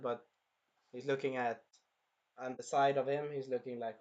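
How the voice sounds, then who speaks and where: A man co-hosting a casual review chat, excitable and breaking into shouted impressions of scenes. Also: mid-range voice, moderate pace, dull audio. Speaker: anime review co-host.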